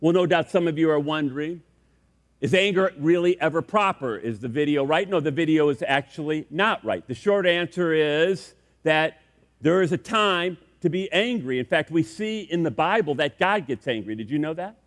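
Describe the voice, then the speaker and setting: A man's voice: a little high, normal speed, in a large hall. A man, the senior pastor, preaching a sermon in a conversational, storytelling way in a church. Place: church sanctuary.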